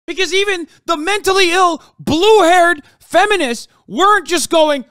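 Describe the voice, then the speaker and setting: A man's voice: extremely high pitch, a little slow, few pauses, fairly bright tone, dry recording, studio quality. A man streaming live, reacting to news clips with heated, profane rants.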